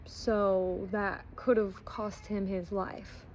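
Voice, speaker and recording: A woman's voice: mid-range voice, little pitch movement, slow, slight background noise, poor audio. A woman casually reviewing a book, retelling stories in a chatty way, with frequent ums and likes. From not Australian.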